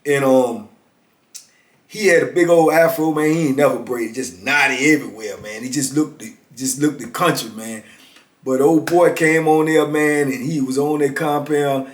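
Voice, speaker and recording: A man's voice: medium pitch, normal speed. Laid-back middle-aged man telling stories. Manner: laid-back, lots of "man" and "you know what I'm saying". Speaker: storyteller, former prisoner. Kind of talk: casual storytelling. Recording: roomy echo.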